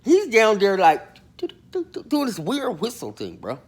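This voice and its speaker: A man's voice: high-pitched, huge pitch swings, normal speed. A man hosting his own channel, telling a rambling comic story in a boastful, slangy way and acting out the people he quotes. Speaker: channel host telling prison stories.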